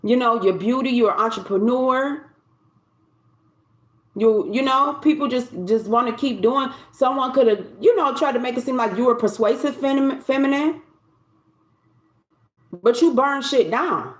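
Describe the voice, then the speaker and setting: A woman's voice: high voice, unhurried, pauses often, reverberant. A woman giving a collective tarot reading in a loose, conversational way, often repeating and restarting her phrases. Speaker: tarot reader.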